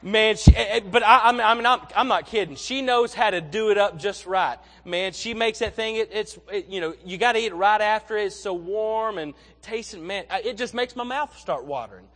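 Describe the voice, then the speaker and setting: A man's voice: sits high, moderate pace, few pauses, sharp tone. A young man preaching a sermon in a folksy, conversational way, often repeating his words as he tells stories. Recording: long reverb of a large hall.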